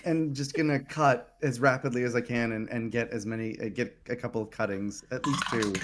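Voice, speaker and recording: A woman playing a tabletop game, chatty and quick to laugh. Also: a bass voice, steady tone. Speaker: player. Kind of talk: casual tabletop play.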